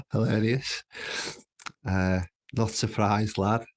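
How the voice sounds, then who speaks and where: Speaking very slowly in a low, expressive voice, a man hosts a livestream from his home in Birkenhead. His Merseyside accent sounds Scouse-like, and he chats and rambles, often sidetracked.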